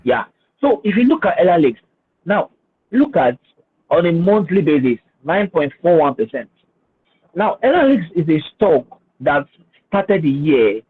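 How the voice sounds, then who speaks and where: A man's voice: a little high, big pitch swings, measured pace, long pauses. A man speaking as a finance guest on a webinar, hesitant and repeating words, then explaining with emphasis. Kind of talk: webinar talk with screen share. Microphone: video call. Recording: husky voice over a tinny phone-like line.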